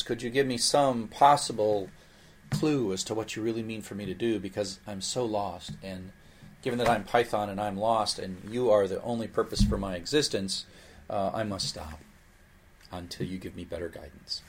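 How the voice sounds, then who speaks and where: A man's voice: lowish voice, steady tone, moderate pace, slightly rough. A man voicing a personified programming language that is lost, humble and eager to please, speaking in an over-polite, theatrically helpless way. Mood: pleading.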